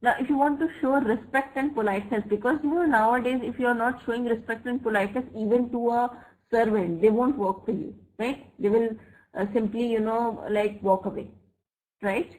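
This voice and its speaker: Woman, online grammar teacher, slightly high voice, slow examples, keeps asking "right?". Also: steady tone, a little mellow, low-quality recording. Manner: checks understanding with frequent "right?" and "fine?"; slow, deliberate example sentences. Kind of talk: online English grammar lesson. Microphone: computer mic for a web class.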